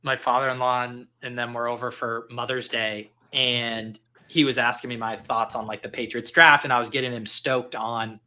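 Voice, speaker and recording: A man's voice: medium pitch, little pitch movement, moderate pace, few pauses, sharp tone. A man hosting a casual podcast, rattling off names and numbers and telling jokey stories. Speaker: podcast host. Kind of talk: casual podcast chat during a fantasy football draft.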